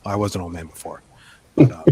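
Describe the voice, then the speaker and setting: A man in his fifties, a podcast host and author, chatting casually in a halting way with many restarts. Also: deep voice, mellow, husky. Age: 50s. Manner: halting, with frequent restarts and fillers. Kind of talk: casual chat.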